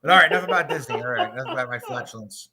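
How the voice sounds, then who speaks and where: A man's voice: mid-range voice, expressive, rapid-fire, a crowd in the background. A man co-hosting a podcast in casual chat, telling crude, joking stories. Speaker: podcast co-host.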